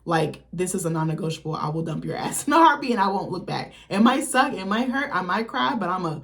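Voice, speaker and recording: A woman's voice: on the low side, lively intonation, fairly quick. A woman talking straight to camera as a vlogger, giving blunt, candid and profane opinions in a loose, chatty way. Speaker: vlogger, channel host. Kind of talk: casual opinion commentary.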